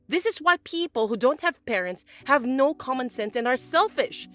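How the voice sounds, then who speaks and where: A bossy older mother-in-law, voiced by a woman reading the story, talks in a high, lively, swooping voice. She sounds indignant and self-pitying. Soft music plays faintly underneath. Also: moderate pace, dry recording. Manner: indignant, accusing, whiny.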